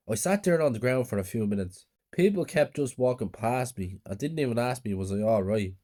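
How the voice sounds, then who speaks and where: Male narrator, subdued horror storytelling, mellow, mid pitch. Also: lively intonation, fairly quick.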